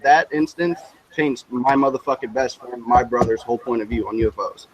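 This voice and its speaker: A man excitedly telling a personal story, swearing freely and acting out the voices of the people in it. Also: mid-range voice, fairly quick, poor audio. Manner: animated, profane, mimics voices in the story. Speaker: guest.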